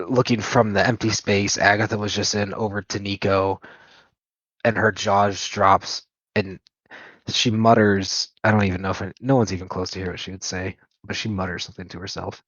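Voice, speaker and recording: A man with a lowish voice narrates a tabletop session as game master, unhurried and pausing now and then. The sound is dry and dull, like a lo-fi recording. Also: level tone, fairly bright tone, no echo. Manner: descriptive, unhurried narration with hesitations.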